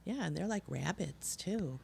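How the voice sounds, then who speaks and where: A woman in casual chat, telling animated stories full of swearing and putting on voices when she quotes people. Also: on the low side, measured pace, vocal fry, noisy background. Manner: animated storyteller, swears freely, puts on voices when quoting others; laughs often.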